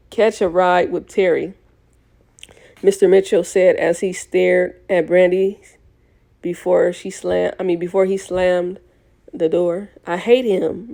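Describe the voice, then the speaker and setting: A woman's voice: on the low side, vocal fry, mellow. A young woman reading a novel aloud in a casual way, often correcting herself and restarting lines. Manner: reads with frequent self-corrections and restarts. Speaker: audiobook reader.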